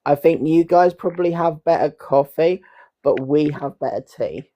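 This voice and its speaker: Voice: medium pitch, moderate pace, a crowd in the background, rough recording. A speaker with an English accent, joking playfully in a casual group chat over an online call. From England. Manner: playful, teasing, laughs while talking.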